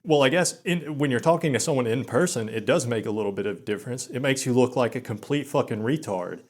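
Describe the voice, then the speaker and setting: A young man talking slowly in a flat monotone, with many filler words and quick stutters, in a self-deprecating vlog monologue. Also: mid-range voice. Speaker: channel host.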